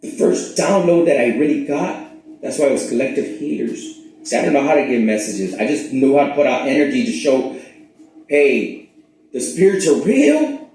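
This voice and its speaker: Animated man in a very echoey room. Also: medium pitch, normal speed, slight background noise. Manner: animated, profane, swings between loud and hushed. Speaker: spiritual channel host. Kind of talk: rambling casual monologue.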